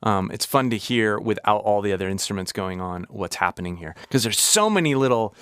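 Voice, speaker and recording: A man's voice: lowish voice, lively intonation, a little fast, a bit bright, smooth, no room sound, studio quality. A man hosting a casual music breakdown, talking enthusiastically and analytically over the song he is playing. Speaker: music reaction host.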